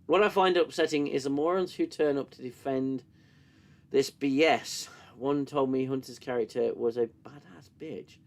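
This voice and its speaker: A mid-range, somewhat mellow voice at normal speed belongs to a man reviewing a TV show on a live stream. He swears and jokes sarcastically, reads chat, and mocks scenes, pausing for fits of coughing.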